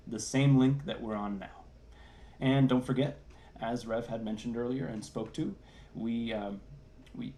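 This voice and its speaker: A man's voice: medium pitch, dark tone. A man, a services and support minister, reading church announcements in an upbeat, enthusiastic way over a video call.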